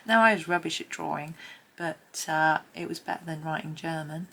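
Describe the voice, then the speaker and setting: A middle-aged woman chats through a colouring tutorial, slipping into a soft near-whisper as she works. Her voice sits low with a gravelly edge. A faint hiss sits behind her. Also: normal speed. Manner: soft-spoken, often half-whispering, chatty with small laughs. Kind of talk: casual narrated drawing tutorial.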